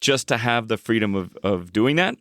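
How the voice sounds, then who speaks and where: A man's voice: on the low side, animated, normal speed, a bit bright, dry recording, clean studio sound. A man co-hosting a podcast, chatting casually with a rambling, joking manner. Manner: rambling, joking, lots of fillers and restarts. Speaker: podcast co-host. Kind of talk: casual chat.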